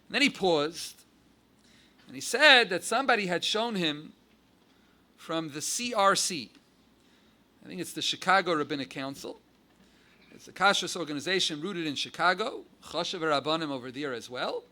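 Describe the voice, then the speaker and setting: A man from the United States with an American accent mixed with Yiddish and Hebrew terms, giving a halacha lecture with animated, rising emphasis. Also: on the high side, normal speed, long pauses. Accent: American English with Yiddish and Hebrew terms. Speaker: rabbi giving a Torah class.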